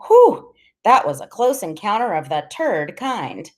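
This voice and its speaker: A woman reading a story aloud and voicing a tiny, excitable genius boy who shouts gleefully in a shrill voice. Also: a little slow. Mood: mocking.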